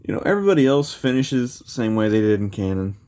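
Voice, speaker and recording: A man's voice: on the low side, very animated, quick pace, a little mellow, clean tone. A young man casually retelling a fan story, rambling with lots of fillers. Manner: rambling, many fillers like "you know".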